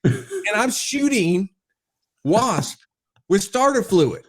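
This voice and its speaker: A man telling a wild story as a podcast guest, excitable and quick to laugh, quoting people as he goes. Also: high voice. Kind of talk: animated storytelling.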